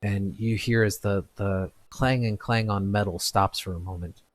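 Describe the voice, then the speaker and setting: A man's voice: fairly low pitch, steady tone. A man narrating a tabletop game as game master, with frequent restarts and fillers. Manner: halting, many restarts and fillers.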